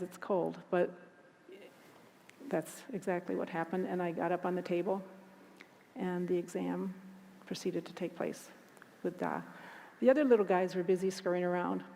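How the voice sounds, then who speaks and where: Woman, conference talk, gravelly flat voice, echoing hall. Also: on the low side. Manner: earnest, halting with frequent restarts. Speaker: conference speaker. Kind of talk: personal storytelling talk. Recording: long hall reverb.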